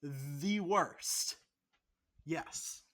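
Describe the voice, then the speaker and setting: A woman's voice: low-pitched, extremely slow, a bit bright. A young woman co-hosting a podcast in casual chat, teasing her roommate with sarcastic, profane jabs. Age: young adult. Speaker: podcast co-host.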